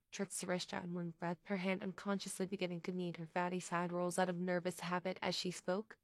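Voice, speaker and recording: A woman narrating a story in a steady, even reading. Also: fairly low pitch, fairly quick, hardly any pauses, no echo.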